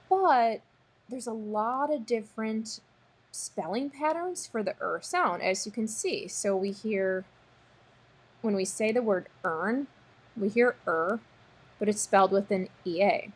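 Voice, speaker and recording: A woman's voice: fairly high pitch, animated, measured pace. A woman teacher walking young students through a recorded spelling lesson, sounding out words patiently. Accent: American. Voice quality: breathy. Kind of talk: recorded word-sort lesson.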